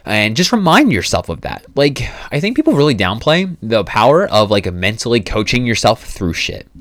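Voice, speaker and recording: A man's voice: lowish voice, wildly swooping pitch, moderate pace, a bit bright, no room sound. A man hosting a solo podcast, giving casual, profane nutrition advice with fillers and restarts. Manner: casual, profane, self-coaching. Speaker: podcast host.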